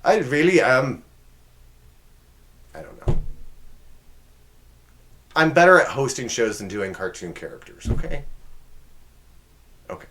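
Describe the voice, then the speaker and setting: A man hosting a homemade comedy show, rambling through his sign-off with goofy, self-deprecating asides. His pitch jumps around a lot, and now and then he drops to a whisper for a side comment. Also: sing-song, measured pace, long pauses, fairly bright tone. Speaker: host.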